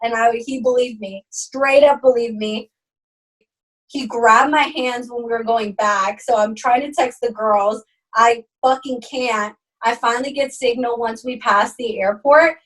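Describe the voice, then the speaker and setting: Young woman, podcast co-host, casual storytelling, animated and profane, slightly high voice, sits a bit off-mic. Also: measured pace, far from the mic, low-quality recording. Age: young adult. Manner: animated, swearing, acts out quotes with big pitch jumps.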